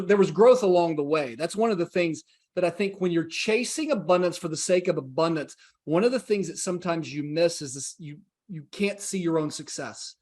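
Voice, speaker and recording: A man in his forties, a podcast guest telling his story in an earnest, reflective way and acting out the dialogue he quotes. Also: fairly high pitch. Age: 40s.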